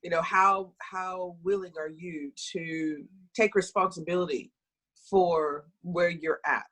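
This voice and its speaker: Husky-voiced middle-aged woman practitioner. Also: fairly low pitch, slow, poor audio. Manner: storytelling, animated, self-correcting. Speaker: health practitioner guest. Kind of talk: conversational podcast talk.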